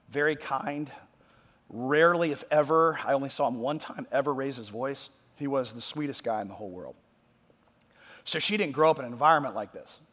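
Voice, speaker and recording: A man preaching a sermon, talking conversationally and moving between loud emphatic points and quiet asides. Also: medium pitch. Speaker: pastor. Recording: long hall reverb.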